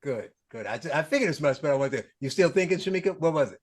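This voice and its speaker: A man hosting a podcast, animated and joking as he questions his guest. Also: on the high side. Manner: animated, joking, quick to laugh. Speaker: podcast host. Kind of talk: casual interview conversation.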